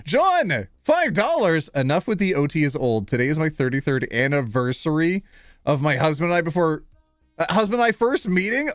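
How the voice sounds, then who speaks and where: A man's voice: fairly high pitch, lively intonation, moderate pace, no room sound, clean studio sound, soft background music. A man in his thirties hosting a live stream, playful and self-deprecating, fumbling over names and joking with chat. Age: 30s.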